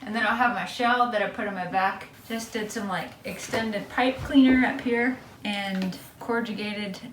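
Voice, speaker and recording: A woman's voice: mid-range voice, normal speed, slight background noise. Chatty self-mocking woman vlogging crafts. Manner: chatty, rambling, self-mocking with little laughs. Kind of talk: casual DIY craft vlog.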